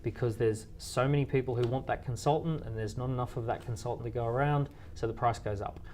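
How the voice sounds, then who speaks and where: A man in his thirties talks through ideas in an easy, rambling way, stopping and restarting with fillers as he builds each point. His voice sits at an ordinary middle pitch. Faint room ambience hums behind him. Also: quick pace, a little mellow, a little hiss or hum. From Australia. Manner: storytelling with quoted dialogue, frequent fillers and restarts. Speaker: entrepreneur guest. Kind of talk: conversational interview answers.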